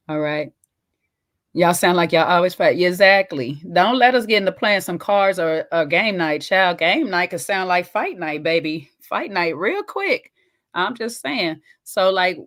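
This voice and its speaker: Folksy, chatty woman reaction host. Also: fairly low pitch. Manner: chatty and folksy, calls viewers "child" and "baby"; loud, laughing asides. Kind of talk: casual reaction commentary.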